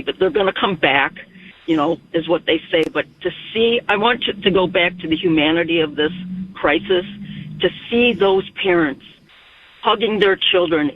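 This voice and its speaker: A woman calling in to a talk radio show, speaking emotionally and in a rush, her voice climbing high. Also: breathy edge, no echo. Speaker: caller. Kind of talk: phone-in talk radio call. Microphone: phone. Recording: tinny phone line.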